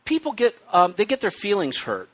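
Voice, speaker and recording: A man preaching a sermon with hiccups, reading scripture aloud and explaining it in an animated, conversational way. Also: high-pitched, normal speed. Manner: animated, conversational teaching with asides. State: has the hiccups.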